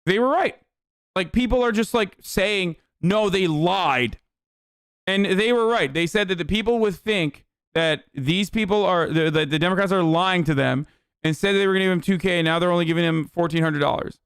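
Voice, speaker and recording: A man's voice: sits high, fairly quick, a bit bright, smooth, no echo, studio quality. A young man streaming political commentary, ranting bluntly with a lot of swearing and exasperation. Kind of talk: casual livestream commentary.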